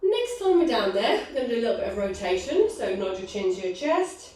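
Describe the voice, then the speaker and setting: A woman's voice: medium pitch, big pitch swings, brisk, darkish tone. Breathless woman counting pilates reps. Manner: counts reps aloud, upbeat encouraging cues. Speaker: pilates instructor. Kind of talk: live online fitness class cueing. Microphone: video call. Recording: echoey room, distant from mic.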